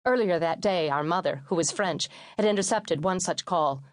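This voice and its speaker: A woman reads a memoir audiobook in a steady, measured way, her voice sitting fairly low. The sound is dry and close, as from a studio microphone, with no room around it. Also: no echo. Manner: steady, measured reading with lightly acted quotes. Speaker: audiobook narrator.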